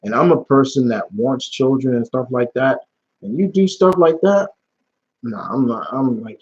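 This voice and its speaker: Husky-voiced man ranting on a live stream. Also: medium pitch, lively intonation, moderate pace, darkish tone. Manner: blunt and heated, swearing, with many restarts. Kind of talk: casual live-stream talk. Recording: dull lo-fi stream audio.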